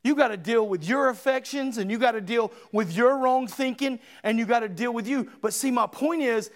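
A man preaching a sermon in a church, impassioned, rising to shouts and then dropping low and earnest. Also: normal speed. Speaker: pastor.

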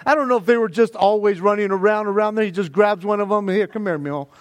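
A man with a notably high voice preaching an animated, conversational sermon. He stumbles into restarts and chuckles as he goes, and the sound is close and dry. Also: fast talker, no echo. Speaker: pastor.

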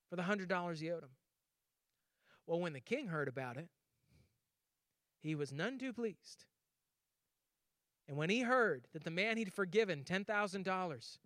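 Guy preaching a sermon, high bright voice, super animated, acts out the voices. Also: dry recording, clean studio sound. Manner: animated storytelling with acted voices and laughs. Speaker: pastor.

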